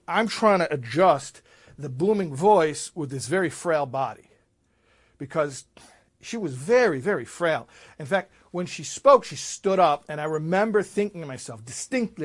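A man, a rabbi, telling a story in a sermon, swinging from loud emphasis to hushed asides. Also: a little high.

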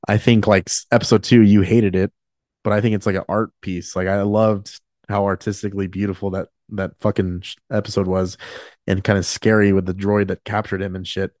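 Speaking fairly quickly in a level, slightly mellow, low-side voice, a podcast host in his late twenties sounds choked up and emotional. He talks candidly and casually, rambling with many fillers and restarts, in a dry, studio-quality recording.

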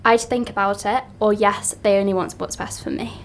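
A woman co-hosting a podcast in casual chat, enthusiastic and quick to agree and laugh. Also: medium pitch, steady tone, slight background noise. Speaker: podcast co-host.

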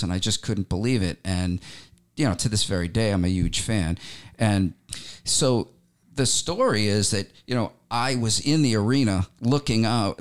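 Smooth, low-voiced man telling stories. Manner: animated, with many restarts and fillers. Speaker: musician and interview guest. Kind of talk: storytelling interview talk.

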